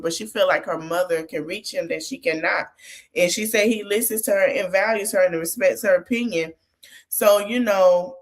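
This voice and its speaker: A woman hosting a podcast, recapping a reality show in a casual way and giving motherly advice straight to the people on it. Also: lowish voice. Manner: chatty, gives motherly advice straight to the cast.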